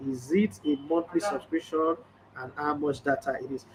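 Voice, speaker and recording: A middle-aged man with a Nigerian accent talks straight to camera in a casual vlog, pressing his points hard and playing out both sides of remembered conversations. His voice sits a little high for a man, with a faint ambient hum underneath. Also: steady tone, normal speed, poor audio. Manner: emphatic, storytelling, acts out quoted exchanges. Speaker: sports journalist and channel host. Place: hotel room or indoor space, background ambience.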